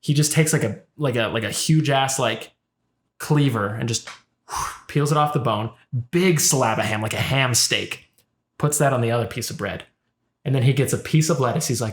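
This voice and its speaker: A laid-back young man telling a story on a podcast, loose and profane, with quick reactions. His voice is middle-pitched and rings in an echoey room. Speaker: podcast co-host. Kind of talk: casual chat.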